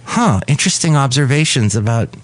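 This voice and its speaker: A man's voice: mid-range voice, animated, fairly quick. A man hosting a casual podcast, talking in a playful, rambling, jokey way. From California. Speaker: podcast host. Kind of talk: casual chat.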